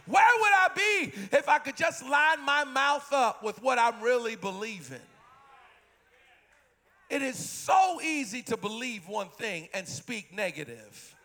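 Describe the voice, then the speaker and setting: Fiery high-voiced preacher in his fifties. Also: animated, measured pace. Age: 50s. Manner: impassioned preaching with repeated refrains and shouted peaks. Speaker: pastor. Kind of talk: sermon. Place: church.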